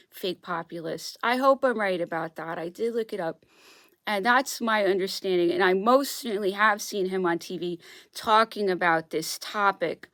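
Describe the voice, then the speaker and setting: A woman's voice: medium pitch, fairly bright tone, no echo, clean studio sound. A woman vlogger talking alone in a casual monologue, rambling and emphatic, often restarting and repeating herself.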